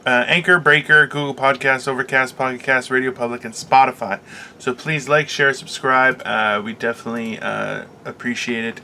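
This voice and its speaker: Bright-toned rambling male podcast host. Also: medium pitch, vocal fry. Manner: rambling, filler-heavy storytelling; playful teasing banter. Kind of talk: casual comedic rant.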